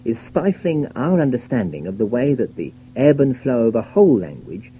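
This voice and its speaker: Dark-voiced British man giving a radio talk. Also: mid-range voice, very animated, rough recording. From Britain. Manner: measured, wry, lecturing delivery. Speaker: radio essayist. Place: radio studio. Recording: old radio broadcast with faint hum.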